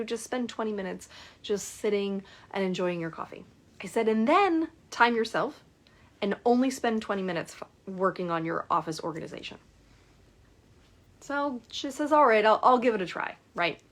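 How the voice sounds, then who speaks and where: Woman, middle-aged, coach, casual storytelling, acts out dialogue, animated. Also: mid-range voice. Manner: storytelling, acts out client dialogue with lively shifts. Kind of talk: casual talk to camera.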